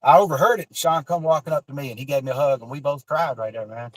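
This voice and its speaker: A man, telling a raw, emotional personal story with cursing and halting restarts. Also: medium pitch, slight background noise, low-quality recording. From Florida Panhandle.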